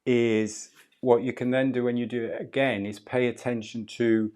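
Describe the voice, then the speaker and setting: A man leading a guided breathwork class, speaking slowly, softly and calmly. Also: mid-range voice. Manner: slow, soft and calm guidance. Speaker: breathwork instructor.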